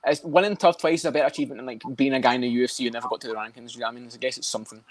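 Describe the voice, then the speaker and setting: A man's voice: mid-range voice, steady tone. A man co-hosting a podcast, chatting casually and bluntly about fights with plenty of swearing. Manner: rapid, swears a lot, blunt. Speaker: podcast co-host.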